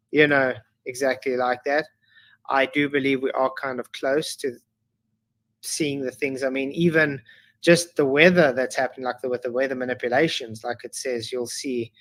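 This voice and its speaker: A South African man whose first language is Afrikaans, a guest in a casual interview, speaking haltingly with many restarts and fillers. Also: mid-range voice.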